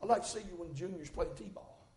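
High-pitched preacher in echoey church. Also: male voice, brisk. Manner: folksy, rising to fervent shouts. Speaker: pastor. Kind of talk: sermon. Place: church sanctuary.

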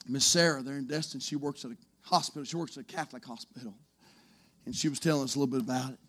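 A male preacher giving a sermon in church, swinging from shouted exclamations to a hushed near-whisper. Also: mid-range voice, steady tone, fast talker.

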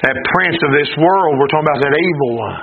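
An older man preaches with a high voice, checking his congregation with call-and-response questions. He swells into impassioned shouts. The sound is thin and phone-like. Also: fast, gravelly. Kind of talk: sermon. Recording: tinny phone-like recording.

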